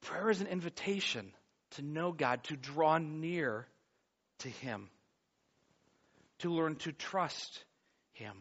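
A man in his forties preaching a sermon, dropping to a hush and then rising to loud storytelling. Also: fairly high pitch, animated, takes it slowly, long pauses, muffled recording. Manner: swings from hushed intimacy to loud acted-out storytelling. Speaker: pastor.

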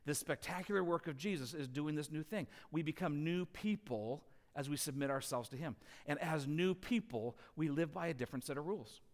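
A man preaching a sermon as a pastor, telling a family story with lively, animated delivery. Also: on the high side, brisk, hardly any pauses, big-room sound. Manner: animated storytelling, rising loud when acting out scenes.

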